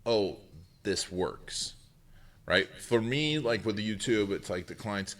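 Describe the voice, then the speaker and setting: Deep-voiced male podcast host. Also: a bit bright. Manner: halting, restarts, casual. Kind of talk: casual interview chat.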